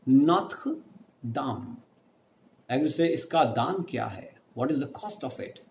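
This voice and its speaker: A man's voice: medium pitch, lively intonation, normal speed, darkish tone, a little hiss or hum. A man teaching an online French lesson, spelling words letter by letter and drawing out each pronunciation. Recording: echoey room with faint ambience.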